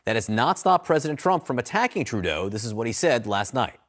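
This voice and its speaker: Guy anchoring the news, bouncy voice that moves up and down, brisk read. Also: mid-range voice, big pitch swings. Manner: brisk scripted delivery.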